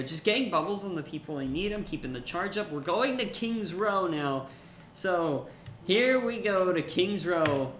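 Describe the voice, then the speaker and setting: Excitable young male esports caster, bright voice. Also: on the high side, reverberant, a little hiss or hum. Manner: excitable, jokey, rising to shouts in big plays. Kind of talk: play-by-play commentary.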